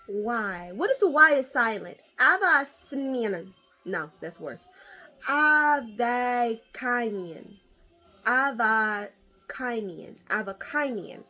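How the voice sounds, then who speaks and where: A woman vlogger chatting casually as she opens card packs, animated and swearing freely. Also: high voice. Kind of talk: casual chat.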